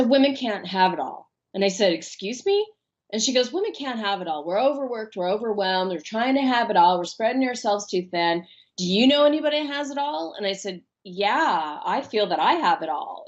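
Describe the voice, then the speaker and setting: Animated woman coach, lo-fi sound. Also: mid-range voice. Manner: animated storyteller, acts out quoted voices. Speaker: guest, life coach and author. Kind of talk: podcast interview.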